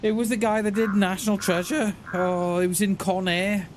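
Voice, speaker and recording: A man's voice: high voice, level tone, normal speed, a little hiss or hum. A man chatting casually while live streaming a game, laughing often and calling his viewers mate. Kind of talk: live gameplay stream chat.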